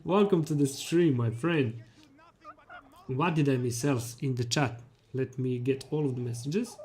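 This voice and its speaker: A man's voice: medium pitch, unhurried, a little mellow. A young man streaming a video game live, cheerfully greeting viewers and reading the chat aloud, laughing often.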